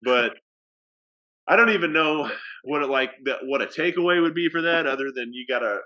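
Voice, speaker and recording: A man's voice: a little high, normal speed, dull audio. A man working as an athletic director, telling a story casually with many fillers and restarts.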